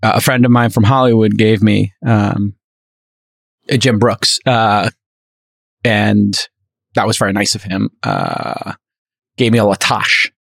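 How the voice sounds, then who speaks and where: A man's voice: lowish voice, expressive, measured pace, vocal fry, long pauses, no room sound, studio quality. A man hosting a podcast, telling a long casual anecdote with many fillers and restarts and voicing the people in it. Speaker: podcast host. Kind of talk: casual storytelling chat.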